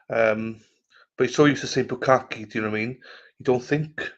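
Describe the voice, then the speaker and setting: A man's voice: mid-range voice, steady tone, brisk. A man hosting a casual livestream chat. He greets viewers by name and swears freely as he rambles. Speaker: livestream host. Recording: slightly muffled lo-fi audio.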